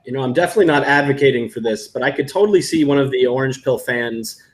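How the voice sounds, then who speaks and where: A man's voice: mid-range voice, quick pace. A man in a casual group chat, playful and teasing.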